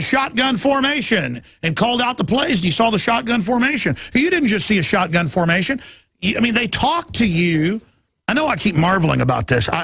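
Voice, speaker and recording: A middle-aged man from Texas delivers a heated talk radio rant, his voice pitched high with a gravelly rasp. He hosts the show and mocks his opponents as he goes. The sound is close and dry, with no room around it. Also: fairly bright tone, no echo. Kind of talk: impassioned talk radio monologue.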